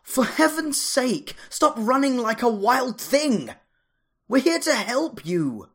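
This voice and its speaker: A storyteller voicing an authoritative woman leader who speaks firmly and calmly. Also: medium pitch, normal speed, voice pushed up, lightly acted. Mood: shouting. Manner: firm, commanding, even.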